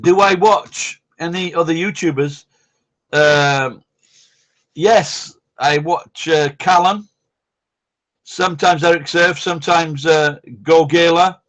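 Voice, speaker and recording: A man's voice: fairly high pitch, steady tone, takes it slowly, fairly bright tone. A man, hosting a casual live-stream chat, rambling, blunt and swearing constantly. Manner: rambling, blunt and heavily profane.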